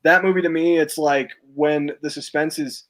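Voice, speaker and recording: A young man hosting a live chat, excited and laughing, acting out quoted lines, his voice cracking from talking a lot. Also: a little high, moderate pace. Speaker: host. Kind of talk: casual live-stream chat.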